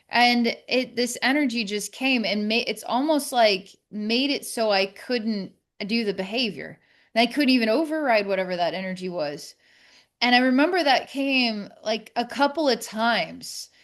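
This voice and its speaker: A woman speaking as a podcast guest, telling a personal story candidly in a reflective, halting way with many restarts. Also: a little high, lively intonation, fairly bright tone.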